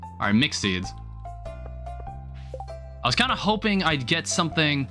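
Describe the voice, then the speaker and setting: A man's voice: a little high, very animated, unhurried, pushed and bright. A young man chatting casually on a live stream while he plays a game, thinking aloud in a rambling way with lots of filler words. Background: faint game music.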